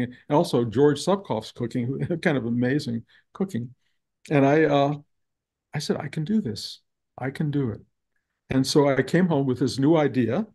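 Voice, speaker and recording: A man's voice: medium pitch, moderate pace, gravelly, darkish tone, slightly rough. An older man telling stories in a casual spiritual talk over a video call, rambling with many restarts.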